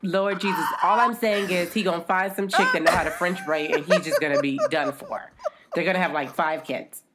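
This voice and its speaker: A woman co-hosting a podcast, telling stories in an animated, teasing way and acting out what others say. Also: on the low side, a little fast, heavy background noise. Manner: animated, teasing storyteller who acts out quotes. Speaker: podcast co-host. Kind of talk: casual chat.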